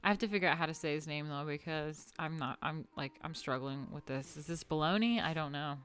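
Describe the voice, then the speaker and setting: A woman's voice: low-pitched, a little fast, fairly bright tone. A woman hosting a casual art history chat, playful and loose, muttering asides and swearing freely.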